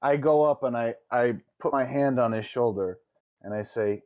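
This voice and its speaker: Mellow-voiced woman playing a tabletop game. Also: rumbling low, moderate pace. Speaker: player. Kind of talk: casual tabletop play.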